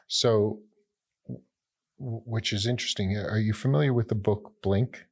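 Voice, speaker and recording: Low-voiced male interview host. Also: moderate pace, gravelly. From United States. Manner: reflective, repeats words while thinking aloud. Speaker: podcast host. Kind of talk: conversational interview.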